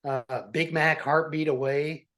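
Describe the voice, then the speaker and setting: A man's voice: on the high side, steady tone, unhurried, a bit bright. Stammering man in casual political chat. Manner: stammers and restarts often when making a point. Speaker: podcast co-host.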